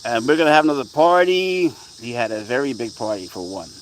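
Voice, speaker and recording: A man's voice: mid-range voice, very animated, a little fast, slight background noise, rough recording. Rambling man chatting on a pet stream. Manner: rambling, talks baby-talk up to his cat. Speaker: pet vlogger talking to his cat and live chat. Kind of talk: casual live stream chat.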